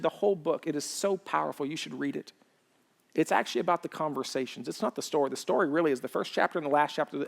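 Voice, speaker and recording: A male pastor delivering a sermon in a gravelly, fairly high voice. He talks casually, full of fillers, and shifts from loud bursts to near-hushed moments. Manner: conversational, swinging from loud and excited to quiet and soft; frequent fillers like "you know" and "like".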